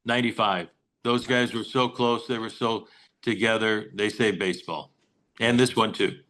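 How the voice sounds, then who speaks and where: A man's voice: on the low side, fairly even intonation, normal speed, a bit bright, poor audio. An older man, a longtime baseball broadcaster, chatting as a guest and telling stories with quoted voices. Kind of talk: casual interview chat, storytelling.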